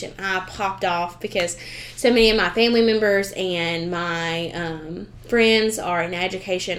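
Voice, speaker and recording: A woman's voice: on the low side, slight background noise. A woman in her twenties with a Southern US accent, hosting a podcast and talking in an encouraging, effusive way. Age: 20s. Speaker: podcast host. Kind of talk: casual chat.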